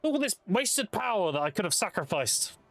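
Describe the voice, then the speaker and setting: A man's voice: high voice, sing-song, fairly quick, a bit bright, no echo, heavily acted. A man quoting a cruel goddess as a game streamer, in an offhand, mocking voice close to his own. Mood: scornful. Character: cruel scornful goddess, woman, sacrificer.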